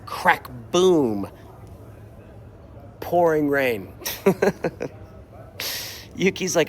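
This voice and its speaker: A young man casually telling a travel story while walking outside, animated and exasperated, acting out quotes. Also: on the high side, slow pace, pauses often, a little hiss or hum. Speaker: streamer. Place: outdoors, walking. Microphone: mobile mic while walking.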